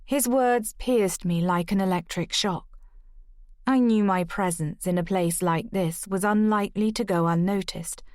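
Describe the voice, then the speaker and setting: A woman narrating a first-person audiobook in a measured, even storytelling delivery. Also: mid-range voice, no echo, studio quality.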